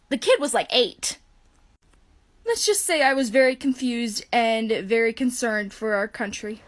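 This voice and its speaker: Woman with a somewhat high voice, amused. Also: lively intonation, normal speed. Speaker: retail store employee. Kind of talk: casual storytelling to camera.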